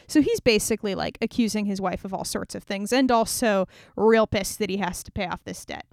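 A woman's voice: medium pitch, a little fast, creaky, few pauses, dry recording, clean studio sound. Chatty, irreverent young woman storyteller. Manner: irreverent, chatty, sarcastic asides. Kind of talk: casual retelling of a scripture story.

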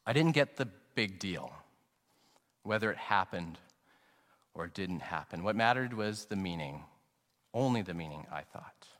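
A middle-aged male pastor preaching an earnest, reflective sermon, slowing down to stress key phrases. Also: low-pitched, animated, a bit bright. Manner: earnest and reflective, anecdotal, slows down for emphasis. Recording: long reverb, sanctuary acoustics.

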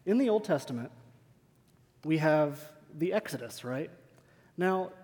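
A man's voice: on the high side, expressive, measured pace, a little mellow. A man preaching a sermon in a church, earnest and emphatic, asking rhetorical questions of the congregation. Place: church sanctuary. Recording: long hall reverb.

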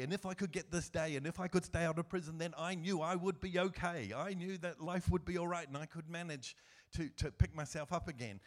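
A middle-aged man giving a personal church testimony as a guest speaker, earnest and emotional, with soft laughs as he tells his story. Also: mid-range voice.

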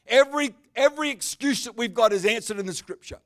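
A man preaching a sermon in a church service, animated and bursting out loud at times, with chatty, joking asides to people in the congregation. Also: very high-pitched, normal speed. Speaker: pastor.

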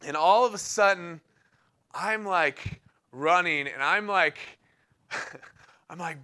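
A man's voice: fairly high pitch, a little slow, long pauses, bright, forceful tone, clear, resonant tone. A young man giving a sermon in a casual, enthusiastic way, telling a personal story and often laughing between phrases. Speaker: preacher.

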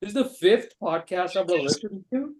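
Young male podcast guest, teasing, filler-heavy, a bit higher voice. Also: animated, brisk. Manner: teasing, many fillers like 'like' and 'bro'. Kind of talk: casual podcast banter.

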